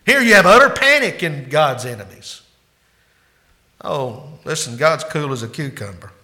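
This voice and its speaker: Male pastor, sermon, bright and forceful voice, builds to loud peaks then drops low. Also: lively intonation, moderate pace. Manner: emphatic preaching that swings between loud climaxes and hushed asides.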